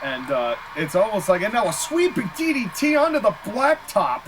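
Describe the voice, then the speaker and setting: Excitable male play-by-play caller with a bouncy, animated delivery, recorded with a lot of background noise. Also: high voice. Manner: excitable, quick to laugh, exclaims at big moves. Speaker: play-by-play commentator. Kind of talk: casual play-by-play commentary.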